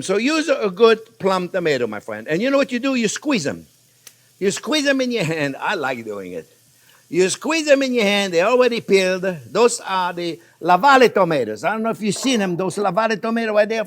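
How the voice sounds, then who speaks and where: French man from Provence hosting a cooking lesson, chatty and swooping, higher-pitched. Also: brisk. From Provence, France. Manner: animated and chatty, talks to viewers as friends. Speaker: cooking show host. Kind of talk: casual cooking demonstration. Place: home kitchen in Florida.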